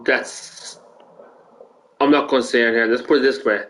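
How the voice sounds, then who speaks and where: A man's voice: mid-range voice, steady tone, very fast, a bit bright, poor audio. An Irish man streaming games and ranting casually, rambling, swearing often and restarting his sentences. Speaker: gaming streamer.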